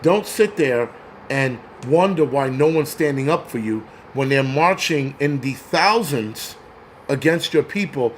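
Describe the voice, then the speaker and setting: A man's voice: medium pitch, lively intonation, measured pace, a little hiss or hum. A man hosting a crude, angry livestream rant, mocking people as he goes. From New York. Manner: angry, crude, mocks others in put-on voices. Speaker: host.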